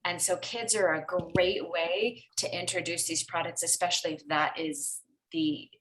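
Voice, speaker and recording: A woman's voice: on the low side, fairly even intonation, moderate pace, fairly bright tone, slight background noise, rough recording. A woman on a video call giving upbeat, practical business advice in a chatty way. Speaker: call participant.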